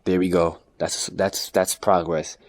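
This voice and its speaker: A man's voice: sits low, measured pace, no room sound. Profane ranting man, dry close sound. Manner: profane, rambling, animated with mocking put-on voices. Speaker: vlogger. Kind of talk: ranting monologue.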